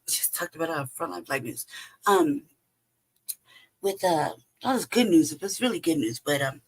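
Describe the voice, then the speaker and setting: A woman hosting a livestream in a casual, rambling way, hoarse from losing her voice and often pausing to search for words. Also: deep voice, animated, rough recording. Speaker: host. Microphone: home streaming setup.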